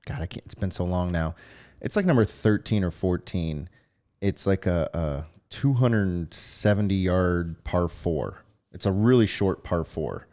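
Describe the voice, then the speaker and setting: A man co-hosting a casual podcast, relaxed and joking, with quick short replies. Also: sits low. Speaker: podcast co-host. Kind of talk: casual chat.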